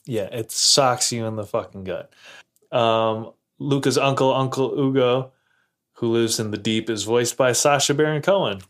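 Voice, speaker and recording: A man with a middle-pitched voice co-hosts a podcast in casual talk. He reflects on a film in a measured, steady way. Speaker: podcast co-host. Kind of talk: casual movie discussion.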